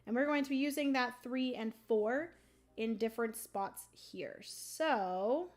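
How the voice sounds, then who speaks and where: A woman hosting a board game livestream, explaining the rules casually with many ums and a throaty morning voice that she keeps clearing. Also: a little high, measured pace. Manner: chatty, many ums, thinks aloud.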